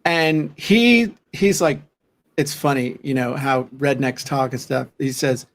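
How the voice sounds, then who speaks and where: A man co-hosting a casual talk show, telling stories in an animated, folksy way. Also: mid-range voice, a little slow. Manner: animated storyteller, folksy asides. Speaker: podcast co-host. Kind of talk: casual chat.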